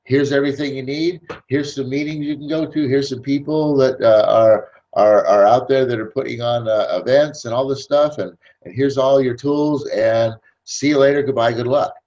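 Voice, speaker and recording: A man mimicking a pushy, hyped-up male recruiter with rapid, breezy, dismissive sales patter. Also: medium pitch, steady tone, a little mellow, highs cut off, lightly acted.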